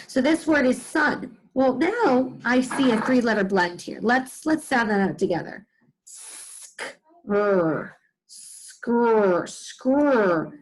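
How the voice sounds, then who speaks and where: A woman teacher giving a reading lesson to young children, sounding out words slowly in chunks and asking the listener questions. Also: on the high side, breathy edge, low-quality recording. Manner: slow, sing-song, exaggerated sounding out of words; asks the listener questions and answers them.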